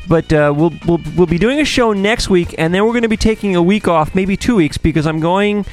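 A man's voice: sits high, brisk, a little mellow, soft background music. A man hosting a casual comedic radio talk show from a studio, joking, rambling and swearing freely. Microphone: studio microphone.

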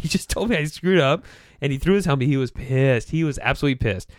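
A man's voice: medium pitch, animated, quick pace, few pauses, dry recording, clean studio sound. Laughing man telling a work story. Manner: laughing, acts out coworkers' lines. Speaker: guest. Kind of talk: casual storytelling.

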